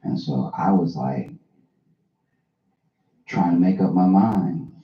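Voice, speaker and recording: A man hosting a casual talk, telling a funny story in a dry, deadpan way. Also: low-pitched, takes it slowly, a little hiss or hum. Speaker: host. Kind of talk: comic storytelling. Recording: roomy, slightly dull recording.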